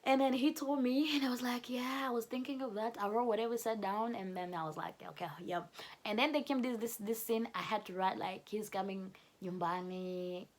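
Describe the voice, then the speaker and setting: A young woman telling a personal story to camera in a casual, animated way, often laughing. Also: a little high, a little fast. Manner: animated, laughing, switches between English and Swahili. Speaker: vlogger telling her love story.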